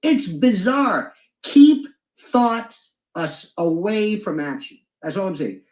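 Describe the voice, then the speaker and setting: Animated man acting out courtroom scenes. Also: high-pitched, takes it slowly. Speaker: commentator in a played clip. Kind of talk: animated talk about free speech and law. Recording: roomy, dull lo-fi sound.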